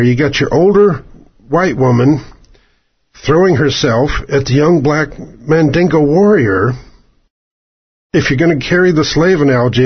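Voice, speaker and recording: Husky-voiced man ranting on lo-fi radio. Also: fairly high pitch. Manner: rambling, digressive and sarcastic. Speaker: radio commentator. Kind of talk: opinion monologue. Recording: dull lo-fi radio broadcast.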